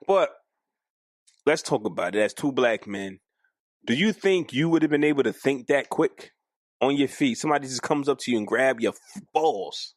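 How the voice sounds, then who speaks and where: A man co-hosting a podcast in casual chat, animated and arguing his point, acting out quoted lines. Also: on the high side, moderate pace, no echo, studio quality. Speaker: podcast co-host.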